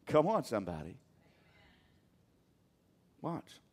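A man's voice: mid-range voice, huge pitch swings, slow pace. A man preaching a sermon, talking emphatically and calling on the congregation to answer him. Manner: emphatic, calls on the congregation to respond.

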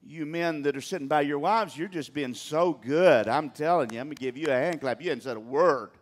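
A man's voice: a little high, fairly quick. A man preaching a sermon, talking emphatically and calling on the congregation to answer him. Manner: emphatic, calls on the congregation to respond.

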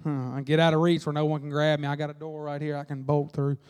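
A man preaching a Sunday sermon, folksy and animated, acting out quotes along the way. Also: fairly high pitch, fast, clear, resonant tone. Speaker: pastor. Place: church sanctuary. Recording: long reverb of a church hall.

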